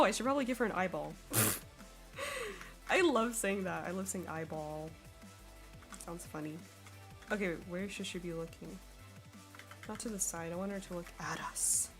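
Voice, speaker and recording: A woman's voice: medium pitch, moderate pace, long pauses, faint music behind. Giggly young woman chatting while drawing. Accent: General American. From Sweden. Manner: bubbly, giggly, reads chat aloud. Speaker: artist streamer. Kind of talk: live-stream chat while drawing.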